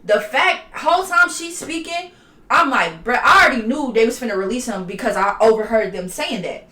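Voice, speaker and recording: A woman tells a story time to camera in casual, animated slang, swearing as she goes. Her voice is bright and forceful, and it rings in an echoey room. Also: on the high side, moderate pace. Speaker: vlogger telling a story time.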